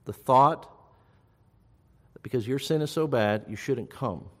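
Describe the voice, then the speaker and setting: A pastor delivers a sermon in a mid-range, unhurried voice, swinging from loud, urgent appeals down to soft, hushed reassurance. The recording has the sound of a big room.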